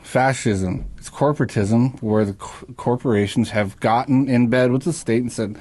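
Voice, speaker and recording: Man, radio talk host, opinionated, brisk, dry close sound. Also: mid-range voice, warm tone, no echo.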